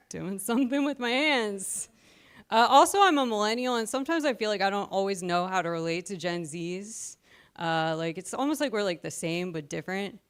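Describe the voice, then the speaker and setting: A woman in her thirties performs stand-up with a smooth, clear voice. She sounds short of breath and mocks herself in a lively way, often laughing at her own jokes. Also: medium pitch, moderate pace. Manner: self-deprecating, animated, laughing at own jokes. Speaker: stand-up comedian. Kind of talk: stand-up comedy set.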